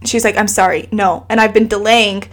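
A woman's voice: mid-range voice, fairly quick. A woman in her thirties, a guest telling a personal story in casual conversation, earnest and emotional, acting out what others said. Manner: animated, quotes others in lively asides.

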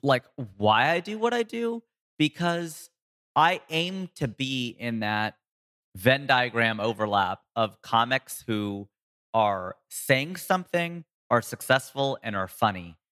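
A comedian and voice actor in a casual interview, telling stories with sudden jumps in pitch for emphasis. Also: male voice, animated, takes it slowly, bright, forceful tone, long reverb tail.

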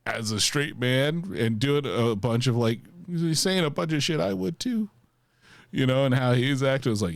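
A man's voice: mid-range voice, normal speed, creaky, no echo. A man co-hosting a casual movie review podcast, trading wry joking asides. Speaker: podcast co-host.

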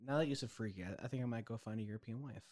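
A man hosting a podcast in casual chat, talking quickly and playfully, often laughing and rambling. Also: medium pitch, darkish tone. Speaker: podcast host.

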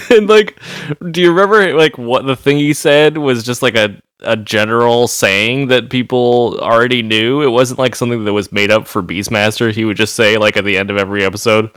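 A man's voice: medium pitch, fairly even intonation, brisk, a bit bright, clean tone, no room sound. A man chatting casually on a podcast, rambling through stories and laughing often. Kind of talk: casual chat.

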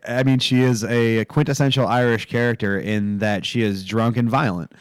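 A man's voice: mid-range voice, fairly even intonation, normal speed, clear, resonant tone, no room sound. A man co-hosting a podcast, joking crudely in casual chat. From Scotland. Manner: crude, joking, laughing often. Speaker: podcast co-host.

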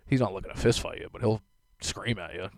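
A man's voice: on the low side, fast talker, gravelly, no echo. Profane rambling young man. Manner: profane, rambling, laughing asides. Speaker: solo vlogger. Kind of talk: casual storytelling monologue.

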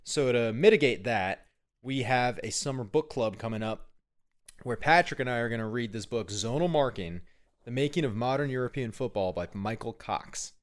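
A man co-hosting a casual sports podcast, pitching segments and teasing his co-host. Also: expressive, normal speed. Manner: upbeat, promotional, teasing. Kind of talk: casual chat.

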